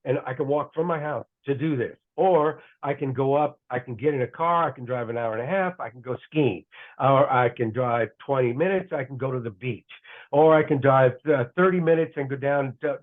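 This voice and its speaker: A man's voice: medium pitch, a little fast. A middle-aged man, a guest broadcaster, telling casual rambling stories on a podcast and correcting himself as he goes. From United States. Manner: rambling, self-correcting anecdotes. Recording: tinny phone-like line.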